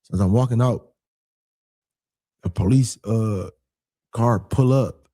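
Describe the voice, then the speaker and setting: A man casually telling a personal story, animated and repeating phrases as he acts out what people said. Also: lowish voice, takes it slowly, no room sound.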